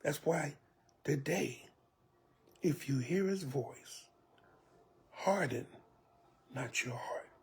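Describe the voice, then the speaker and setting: Husky guy preaching a sermon real slow, keeps sinking to a whisper, kinda dramatic. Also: a little high. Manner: slow, dramatic, often dropping to a hushed whisper; vivid imagined storytelling with pleading asides. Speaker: church elder preaching.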